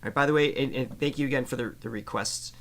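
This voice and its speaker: A man's voice: medium pitch, fast. Chatty male vocal coach hosting. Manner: animated, laughs often, explains at length. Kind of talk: live reaction stream chat.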